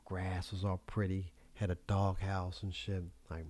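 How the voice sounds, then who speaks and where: A man's voice: sits low, completely flat delivery, measured pace, darkish tone. A man hosting a livestream talk show in a rambling, profane monologue, laughing often as he goes. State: high.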